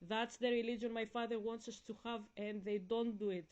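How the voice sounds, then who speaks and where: A young woman with a slightly high voice vlogs a heated theological rant. She preaches emphatically, circles back to restart her sentences, and drags out key words slowly to drive each point home. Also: steady tone, darkish tone, lo-fi sound. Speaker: vlogger.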